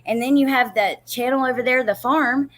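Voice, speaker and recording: A woman's voice: high voice, fairly even intonation, moderate pace, a bit bright. A woman in her thirties hosting a casual true crime livestream, rambling and greeting viewers by name as she reads their comments.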